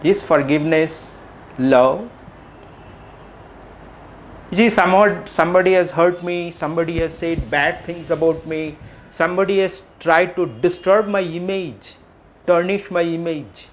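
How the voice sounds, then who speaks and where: A middle-aged man giving a reflective public talk, asking questions and repeating phrases with frequent pauses. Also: fairly high pitch. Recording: faint background noise.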